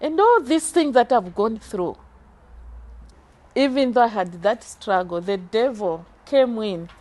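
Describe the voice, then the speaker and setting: A middle-aged woman giving an earnest, emotional faith testimony in an interview, speaking slowly from the heart. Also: a little high, animated, darkish tone. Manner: earnest, slow and heartfelt, moved to tears at times. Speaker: church member giving a testimony.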